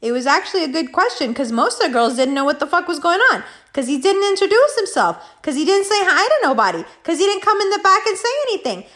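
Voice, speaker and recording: A woman telling a story in a vlog, animated and heavy on profanity. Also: extremely high pitch, fast talker, hardly any pauses.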